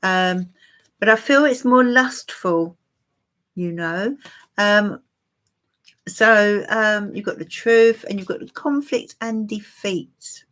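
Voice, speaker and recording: A woman's voice: medium pitch, takes it slowly, fairly bright tone. A woman giving a live-stream tarot reading for viewers, musing and hesitant with many fillers. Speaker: tarot reader.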